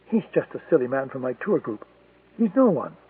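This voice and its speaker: A man's voice: medium pitch, sing-song, fairly quick, husky, dry recording. A man reading an audiobook voices a frightened but defiant woman, a former militant denying who she is. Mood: frightened pleading. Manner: pleading, insisting denial. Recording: tinny, distant, dry lo-fi recording.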